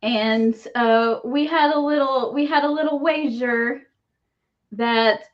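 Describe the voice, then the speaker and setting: A woman co-hosting a casual wrestling chat, easygoing and quick to laugh. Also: fairly high pitch, lo-fi sound. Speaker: co-host.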